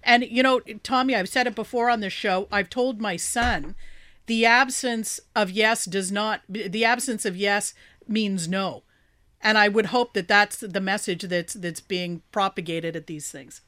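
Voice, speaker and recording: A woman's voice: mid-range voice, measured pace, bright, forceful tone, no echo, clean studio sound. A woman news anchor speaking on a radio panel, confident and opinionated. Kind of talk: panel discussion.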